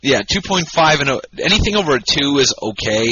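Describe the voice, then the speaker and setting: Brief: drunk male podcast co-host, brassy bright tone, profane rambling, somewhat dull home recording. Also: fairly high pitch, fairly quick, slight background noise. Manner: profane, rambling, loud and excitable. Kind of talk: drunk casual podcast banter. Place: home podcast setup, Michigan.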